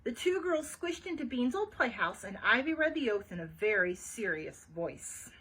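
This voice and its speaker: A woman's voice: on the high side, very animated, normal speed, bright, forceful tone, slightly rough, poor audio. A woman librarian reading a children's chapter book aloud, adding chatty asides for young listeners.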